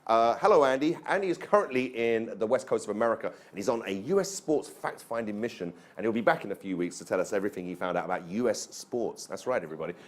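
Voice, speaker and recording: A man hosting a casual sports panel show. He talks fast and briskly, needling his guests as he keeps the picks moving. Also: on the low side, expressive. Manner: brisk, teasing presenter. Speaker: host.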